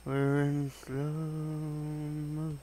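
Slow-talking excitable young gamer man. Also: a little high, slight background noise, low-quality recording. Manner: excitable, swears often, bursts into loud exclamations. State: voice cracking. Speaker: gaming channel host. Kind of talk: gaming commentary.

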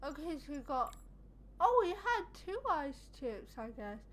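A woman's voice: high voice, sing-song, a little slow, fairly bright tone. A woman giving casual let's-play commentary as she plays a game. She is chatty, swears and talks to herself. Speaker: gaming streamer.

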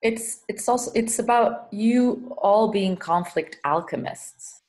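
A woman's voice: mid-range voice, slow, darkish tone. A woman trainer addressing an online workshop group, polite and a little tentative.

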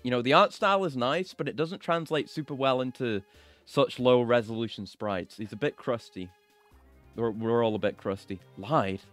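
A male game streamer talking casually over his play at a middling pitch. He rambles and grumbles, swearing now and then. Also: normal speed, faint music behind. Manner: rambling, mildly frustrated, swears. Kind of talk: casual gaming stream chat.

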